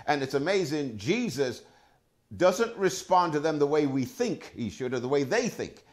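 A male pastor preaching a sermon, working through Scripture references with an emphatic, animated delivery and frequent exclamations of praise. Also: on the high side, moderate pace.

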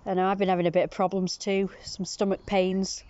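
A woman's voice: level tone, fairly quick, a little mellow, lo-fi sound. A British woman in a casual outdoor vlog, chatting to the camera while out on a scooter and cooing at a cat. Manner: coos in a high sing-song voice to a cat.

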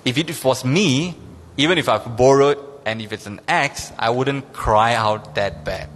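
A man preaching a sermon as pastor, emphatic and repetitive, pushing his pitch up on key points. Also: a little slow, fairly bright tone. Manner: emphatic, repeats key phrases, rises in pitch when stressing points. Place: church sanctuary. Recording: long hall reverb.

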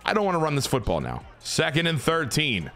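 A man's voice: fairly high pitch, wildly swooping pitch, fairly quick, fairly bright tone, soft background music. A man giving casual, profane, joking play-by-play commentary while playing a football video game. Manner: joking, profane, self-deprecating. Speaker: gaming video host.

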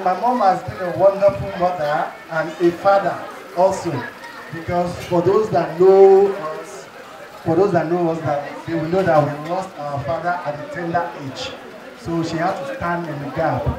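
A man giving an earnest, emotional tribute to his mother at her birthday party. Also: on the high side. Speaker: celebrant's child giving tribute. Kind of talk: heartfelt tribute speech. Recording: echoey hall from far off, crowd noise.

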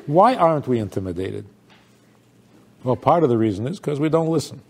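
A man's voice: medium pitch, very animated, fairly quick, pauses often, crowd noise. An older man, a rabbi, giving a sermon-style talk with stories, acting out quoted voices and laughing along.

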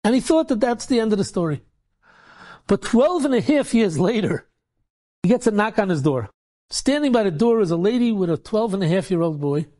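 A man's voice: sits high, lively intonation, fairly quick, warm tone. A man, a rabbi, telling a story in a casual, repetitive way, peppered with Yiddish and Hebrew words.

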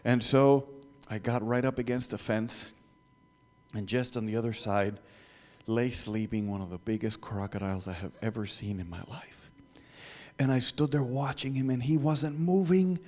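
A man telling a story to children in church, animated, asking the listeners questions and dropping to whispers. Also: medium pitch, normal speed. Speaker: guest speaker.

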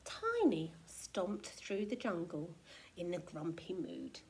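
A woman teacher reading a picture book aloud to children, animated and expressive, with hushed asides. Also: on the low side, slow.

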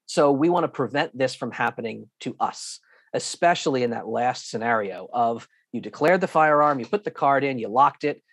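A man giving an online lesson with slides, talking in a lively, emphatic way, acting out airline staff and repeating himself for emphasis. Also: mid-range voice, normal speed, no echo, studio quality. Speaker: guest instructor.

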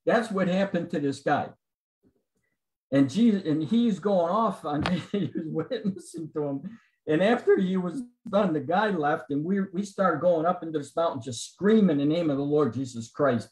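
A man's voice: on the high side, darkish tone, reverberant, rough recording. A man telling his personal testimony to a Bible study group on a video call. He acts out the dialogue of the people in his story. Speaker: guest giving a testimony at a men's Bible study. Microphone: computer mic on a video call.

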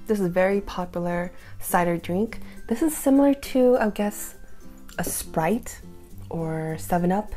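A woman's voice: lowish voice, lively intonation, unhurried, dark tone, faint music behind. A young woman in her twenties chatting casually through a taste-test vlog, thinking aloud with fillers. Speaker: food vlogger.

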